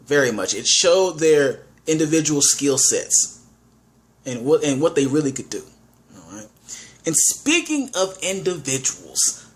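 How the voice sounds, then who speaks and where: A man giving a casual spoken movie review, enthusiastic, often restarting his words and saying "all right". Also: medium pitch.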